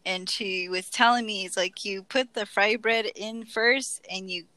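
A woman's voice: medium pitch, steady tone, measured pace, pushed and bright, dry recording, poor audio. A woman co-hosting a podcast, telling stories casually and acting out quoted lines with laughter. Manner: storytelling with quoted asides and laughter. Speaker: podcast co-host. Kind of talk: casual chat.

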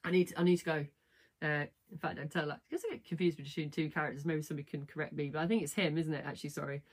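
A woman's voice: low-pitched, racing, breathy edge. A woman hosting a casual live stream, retelling a book in a rambling, self-correcting way and often asking "right?".

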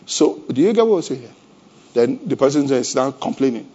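A man preaching a sermon as pastor. He keeps asking the congregation rhetorical questions and swings between loud emphasis and a low, conversational tone. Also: big pitch swings, brisk, slightly rough. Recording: dull lo-fi church recording.

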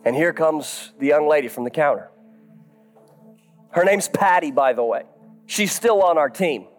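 A man, a pastor telling a self-deprecating story in a sermon, moving from soft asides to shouted high points. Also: expressive, a little slow, soft background music.

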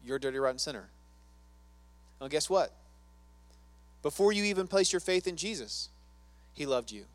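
Preacher, male: earnest sermon delivery, talks with the room, voice a touch high. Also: expressive, moderate pace, long pauses, dry recording. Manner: earnest, conversational, asks the congregation questions. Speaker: pastor.

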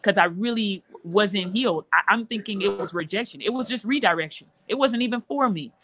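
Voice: medium pitch, brisk, fairly bright tone. Earnest gospel singer sharing a testimony. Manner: earnest, emotional, rambling with restarts. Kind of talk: personal testimony in conversation.

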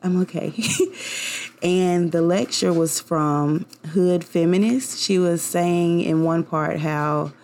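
A woman's voice: lowish voice, fairly even intonation, slow pace, darkish tone. A young woman hosting her own podcast, talking in a casual, rambling and heartfelt way with many fillers. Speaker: podcast host. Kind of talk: casual personal podcast monologue.

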